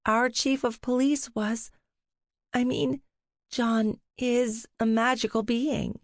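Trixie is a patient, sympathetic young witch who talks firmly and a little wearily, pitched higher than the narration, as a woman reading the story puts her on. Dry, close recording. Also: flat delivery, slow pace, no room sound. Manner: firm, sighing.

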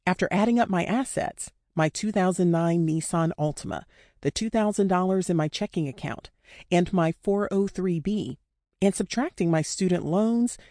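A woman's voice: lowish voice, dark tone, dry recording, studio quality. A woman narrating an audiobook in a candid, conversational way with casual slang. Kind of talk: scripted narration.

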